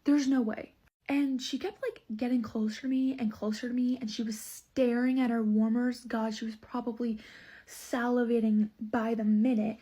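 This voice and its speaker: A woman with a somewhat high, husky voice tells a customer story from behind the counter. Her retelling is indignant and emphatic, full of pointed asides. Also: flat delivery, normal speed, dark tone. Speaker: store manager telling a customer story. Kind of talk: casual storytime vlog.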